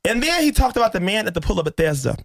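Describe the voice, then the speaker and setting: A man hosting a casual faith podcast, telling an emotional story and acting out the dialogue with lively energy. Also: high voice, rapid-fire, vocal fry, dry recording, clean studio sound. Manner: emotional, animated storyteller who acts out dialogue. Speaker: podcast host.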